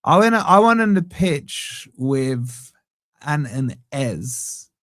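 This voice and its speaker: A man hosting a live football watch-along stream from a home setup. He banters with viewers and gives them shout-outs. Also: fairly high pitch, sing-song, slow, no room sound, clean studio sound. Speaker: fan channel host.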